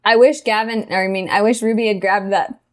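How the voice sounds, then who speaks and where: A woman playing a tabletop game, animated and quick to laugh in casual chat. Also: medium pitch. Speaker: player.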